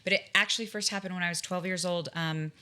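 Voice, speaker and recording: A woman in her forties with a bright, clear voice, speaking as an interview guest. She tells her stories in an animated, vivid way, restarting her sentences now and then as the details rush in. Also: on the low side, quick pace. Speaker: guest, tarot reader and spiritual guide. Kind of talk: conversational storytelling in an interview.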